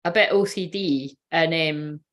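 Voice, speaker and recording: A woman's voice: low-pitched, a little slow, fairly bright tone. A woman who works as a spiritual reader, chatting casually on a livestream, rambling, giggling and swearing freely.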